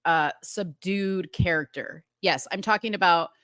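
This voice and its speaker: A woman's voice: unhurried, no echo, studio quality. A woman hosting a casual talk show, animatedly recapping a TV episode and acting out the characters' lines. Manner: animated, acts out dialogue with rising pitch. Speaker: host.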